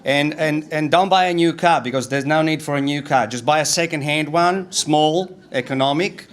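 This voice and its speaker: A man voicing his uncles giving loud, insistent advice on saving money. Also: fairly high pitch, normal speed, pitched above the performer's own voice, close to an everyday voice. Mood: bossy. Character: bossy male uncles lecturing a newcomer on thrift.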